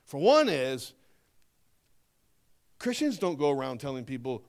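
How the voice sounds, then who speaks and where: A man preaching a sermon, emphatic, slowing down to stress key phrases and dipping into quieter asides. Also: medium pitch, sing-song. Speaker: pastor.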